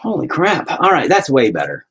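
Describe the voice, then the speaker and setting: A man with a husky voice, talking to camera in a casual painting vlog at home. He rants and rambles with plenty of swearing, and his pitch swings widely. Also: huge pitch swings, a little fast, fairly bright tone, rough recording. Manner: profane, ranting, rambling. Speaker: vlogger.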